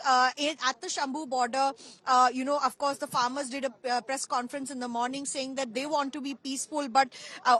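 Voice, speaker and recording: A woman's voice: sits high, fairly bright tone. A woman giving a live field news report, with frequent filler sounds. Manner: fast, many filler uhs.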